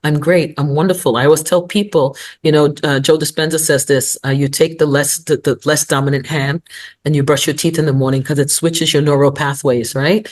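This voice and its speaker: A woman in her sixties with a low-sitting voice speaks briskly as a guest on an interview show. In this casual talk she's lively, telling stories, offering motivational advice, and laughing often.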